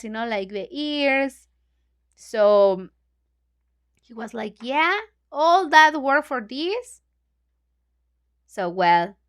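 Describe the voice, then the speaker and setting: A woman with a Mexican Spanish accent reads a storybook to English learners and stops often to explain it in a chatty way full of fillers. Her voice is high and smooth, and she takes her time. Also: fairly bright tone. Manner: chatty, hesitant, many fillers, glosses lines in Spanish. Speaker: English book club teacher. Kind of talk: reading a storybook aloud and explaining it.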